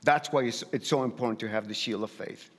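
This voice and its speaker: A man's voice: mid-range voice, brisk, in a large hall. A man preaching a sermon in a light accent, emphatic and repetitive, often restarting his phrases. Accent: non-native English. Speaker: pastor.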